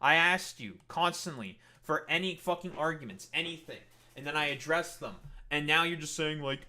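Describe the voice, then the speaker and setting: A man's voice: a little high, normal speed, hardly any pauses, sharp tone. Heated, profane male streamer. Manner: sarcastic, mocking. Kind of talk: live-stream rant at chat.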